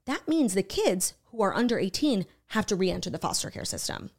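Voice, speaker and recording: A woman's voice: medium pitch, a little fast. A woman co-hosting a podcast, chatting casually as she retells a true crime documentary, swearing freely and acting out what people said. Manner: animated, swearing, acts out quotes. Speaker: podcast co-host.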